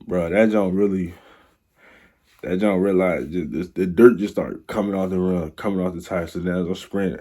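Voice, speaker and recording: A man's voice: deep voice, steady tone, normal speed, mellow, slightly rough. A young man telling a rambling, slang-filled story in a casual storytime vlog. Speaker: vlogger.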